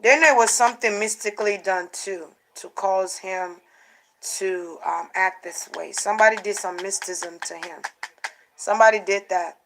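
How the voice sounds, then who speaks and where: A woman's voice: mid-range voice, normal speed, rough recording. Woman giving a casual tarot reading. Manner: animated, repeats herself, acts out quotes. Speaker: tarot card reader. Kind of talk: casual spiritual card reading.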